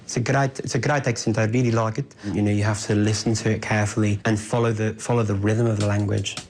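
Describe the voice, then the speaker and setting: A man being interviewed, answering in lively, chatty, casual talk and laughing easily. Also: lowish voice, fast. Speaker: interviewee, polyglot. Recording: background music under voice.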